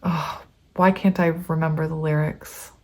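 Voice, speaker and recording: A woman's voice: deep voice, level tone, a little slow, darkish tone. Chatty, emotional tarot-reading woman. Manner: chatty and emotional, reading aloud with many ums. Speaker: tarot reader.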